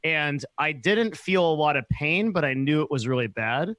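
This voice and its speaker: A man hosting a podcast, telling a personal story quickly and animatedly, often laughing as he talks. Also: on the high side, expressive, a bit bright, no echo. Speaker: podcast host. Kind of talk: conversational storytelling.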